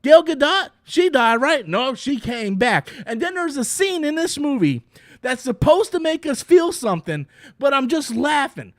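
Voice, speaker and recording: A man's voice: very high voice, sing-song, moderate pace, no echo, clean studio sound. A man ranting through a movie review, exasperated, sarcastic and profane.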